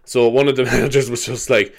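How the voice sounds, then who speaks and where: A man's voice: mid-range voice, little pitch movement, fast talker, vocal fry. An Irish man hosting a casual solo podcast, rambling and laughing as he tells stories. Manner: rambling, laughing, slipping into silly voices. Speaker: podcast host.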